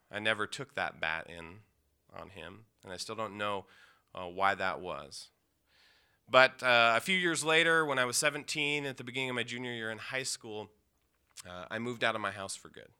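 A man from the Pacific Northwest telling an emotional personal story, intense, with pauses and restarts. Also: medium pitch, animated, pushed and bright, clear, resonant tone. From Yakima, Washington, USA.

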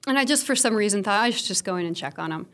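A woman's voice: medium pitch, lively intonation, rapid-fire, a bit bright. A woman in her thirties telling a candid personal story about motherhood to an audience, frank and humorous, with a self-deprecating streak. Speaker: speaker sharing a personal story.

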